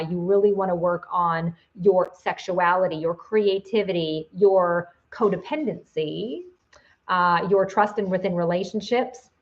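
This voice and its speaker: A woman's voice: fairly low pitch, dull audio. A woman giving a casual video lesson as a psychic teacher, chatty, with many fillers and restarts.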